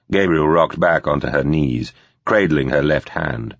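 A man narrating a thriller audiobook in a measured, grave way. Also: rumbling low, no room sound. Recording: dull, slightly lo-fi recording.

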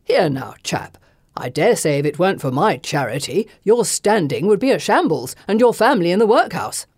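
A woman voicing an indignant older gentleman at a ball. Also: high voice, big pitch swings, normal speed, breathy edge, dry recording, studio quality, exaggerated voice. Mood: blustering. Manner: indignant, blustering.

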